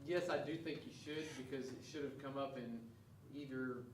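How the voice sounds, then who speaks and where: A man's voice: medium pitch, steady tone, moderate pace, a little hiss or hum. A man teaching a class and going over test questions, earnest and often restarting his words. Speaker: instructor. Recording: echoey classroom, mic far off.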